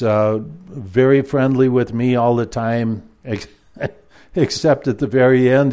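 A man's voice: lowish voice, dark tone. A man who used to teach university math, telling a personal story in a rambling way, with many fillers and restarts. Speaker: former university math lecturer.

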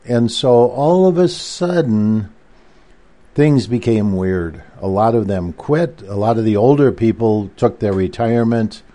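Low, mellow man recounting at length. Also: animated, measured pace. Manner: rambling, with frequent restarts and asides. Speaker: guest author. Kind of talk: conversational recounting.

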